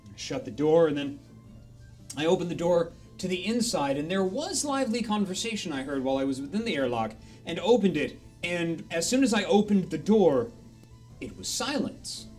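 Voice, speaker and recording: A man telling a rambling, animated story live on a charity stream in a casual way. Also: a little high, moderate pace, faint music behind.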